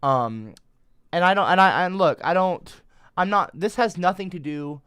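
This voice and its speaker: Male streamer, defensive rambler who swears freely; bright, dry close-mic sound. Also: high-pitched, moderate pace, clean tone, no room sound. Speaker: livestreamer. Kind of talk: casual livestream rant.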